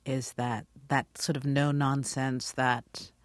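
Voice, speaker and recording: A middle-aged actress from Guyana with a British accent, speaking thoughtfully in a radio interview. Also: female voice, extremely low pitch, level tone, slow, no echo. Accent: British English.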